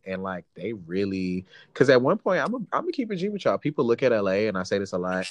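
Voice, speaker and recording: A man's voice: lowish voice, very animated, fast talker, few pauses, no room sound. A young adult man co-hosting a podcast, talking earnestly in slangy casual chat. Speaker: podcast co-host.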